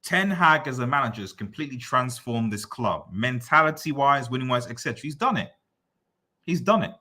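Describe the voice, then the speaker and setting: A man's voice: medium pitch, brisk. A man live-streaming, reading out viewer comments and answering them in a teasing, repetitive running rant. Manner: repeats phrases, teasing, excitable rants. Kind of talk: casual live-stream chat.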